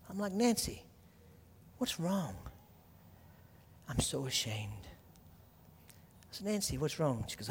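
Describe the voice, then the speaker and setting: A man preaching a sermon as pastor, telling a story quietly and then building to loud, fervent preaching. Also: mid-range voice, long reverb tail, a little hiss or hum.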